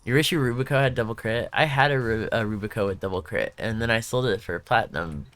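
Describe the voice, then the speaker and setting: A man's voice: fairly low pitch, fast talker, a bit bright, no echo. A young man streaming live, chatting casually and rambling through stories while answering questions from chat.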